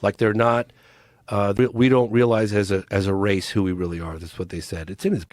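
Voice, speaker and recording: A man's voice: on the low side, steady tone, a little fast, darkish tone, dry recording. A man, a documentary filmmaker, talking as a podcast guest in an earnest, urgent way and pressing his case. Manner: earnest, urgent, pleading appeals. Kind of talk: casual interview talk.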